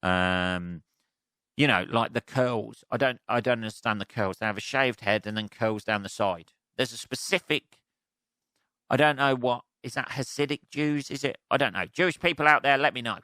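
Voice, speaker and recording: An English man rambles through a solo podcast rant, cursing freely and mimicking the people he complains about. His voice is bright and forceful, with a crisp, clean tone. The sound is dry and close, with no room around it. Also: mid-range voice, normal speed, no echo. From England. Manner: sweary, rambling, mocking voices of others. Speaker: podcast host.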